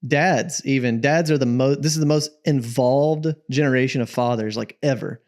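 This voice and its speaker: A man's voice: mid-range voice, moderate pace, darkish tone. A man co-hosting a parenting podcast, reflecting and thinking aloud in casual conversation. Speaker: podcast co-host.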